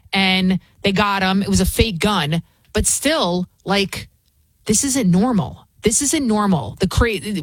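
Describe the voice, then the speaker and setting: A woman's voice: medium pitch, dry recording. A woman sits in as talk radio host and rants in a combative, mocking tone. Her voice is close and dry, with no room sound around it. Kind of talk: opinionated talk radio monologue.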